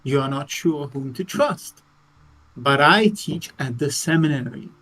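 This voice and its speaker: Gentle earnest priest, read by a man, soft, slow, coaxing, higher voice. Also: expressive, poor audio. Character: gentle, earnest male priest, a seminary teacher.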